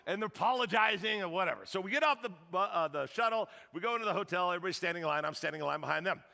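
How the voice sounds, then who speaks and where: A man preaching a sermon as a pastor, telling a story in an animated, joking way and acting out the lines of the people in it. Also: high-pitched, rapid-fire, gravelly. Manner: animated, joking, acts out quotes. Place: church hall. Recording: long reverb of a large hall.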